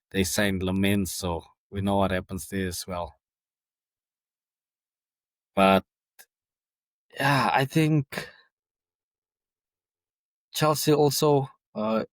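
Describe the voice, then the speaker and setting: A man's voice: lowish voice, dry recording. A man hosting a football podcast in a casual monologue, chatty and exasperated, stumbling over names.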